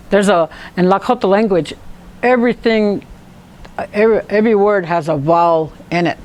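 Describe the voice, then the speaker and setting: A woman teaching a language class, telling funny stories with frequent laughter and sounding out syllables slowly. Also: medium pitch, darkish tone, slight background noise.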